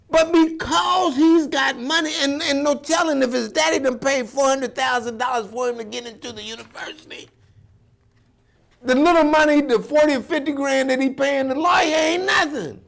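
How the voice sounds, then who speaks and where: A man hosting a commentary show, talking in an animated, preachy and emphatic way. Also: very high voice, moderate pace, vocal fry.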